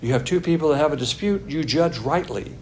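A man's voice: fairly high pitch, animated, fairly quick, slight background noise. A man teaching a Bible class in a blunt, sarcastic manner, with chuckling asides. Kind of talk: sermon.

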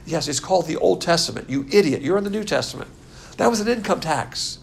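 A man's voice: high-pitched, fairly quick, creaky, slight background noise. An older man teaching a Bible class as a pastor, blunt and scornful in manner. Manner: blunt, scornful, animated lecturing.

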